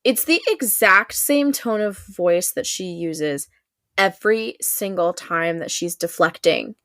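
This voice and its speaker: A woman's voice: lowish voice, animated, a bit bright, dry recording, studio quality. A woman co-hosting a casual podcast chat, speaking earnestly and emphatically about how scenes make her feel. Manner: earnest, emphatic, slows down on feelings. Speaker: podcast co-host.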